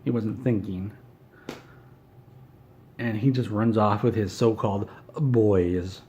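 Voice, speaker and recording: A man's voice: fairly low pitch, steady tone, takes it slowly, mellow, lo-fi sound, a little hiss or hum. A man doing an in-character comedy monologue, ranting in an indignant, whiny, self-important way.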